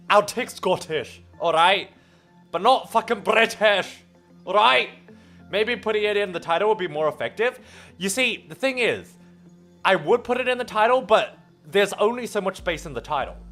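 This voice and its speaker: Animated high-voiced Australian man. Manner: animated, playful, swears and exclaims often. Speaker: streamer. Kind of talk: casual livestream chat with viewers.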